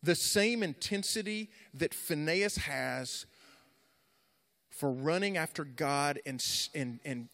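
A man preaching a sermon to young people, swinging between dramatic, loud storytelling and casual, conversational asides full of fillers and restarts. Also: fairly high pitch. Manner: animated dramatic storytelling, rising loud in retellings.

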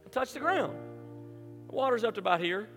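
High-voiced pastor preaching in a reverberant hall. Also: male voice, a little fast. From American South. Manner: animated storytelling, acts out quoted voices. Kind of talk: sermon. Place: large church hall. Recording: hall reverb with music behind.

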